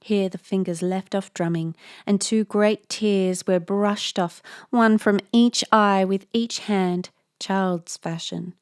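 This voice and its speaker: A woman's voice: medium pitch, fairly even intonation, takes it slowly, hardly any pauses, clear, resonant tone. A woman reading a Victorian ghost story aloud, breaking off now and then for playful, self-mocking asides. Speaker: reader, narrator.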